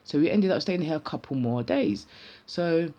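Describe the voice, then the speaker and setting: Lively, heavy man. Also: on the high side, normal speed, highs cut off. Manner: animated, slangy, acts out each side of a dialogue. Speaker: vlogger. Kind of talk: casual storytelling.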